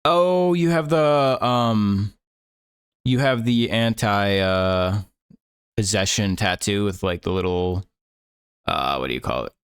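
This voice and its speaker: A man's voice: lowish voice, takes it slowly, clear, resonant tone. A man streaming while he draws, chatting casually, rambling and chuckling as he searches for words. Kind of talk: casual chat while drawing.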